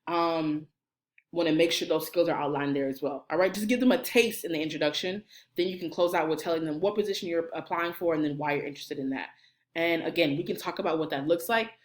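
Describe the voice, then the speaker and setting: A woman, a college career services director, coaching viewers through cover letters on camera in an animated, playful way, talking straight to the viewer. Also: low voice, fast. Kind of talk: energetic instructional video.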